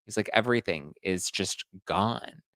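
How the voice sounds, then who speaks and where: A man's voice: fairly low pitch, a little slow, pushed and bright, no echo. A man giving casual celebrity gossip commentary, retelling stories in a chatty way. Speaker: pop culture commentator.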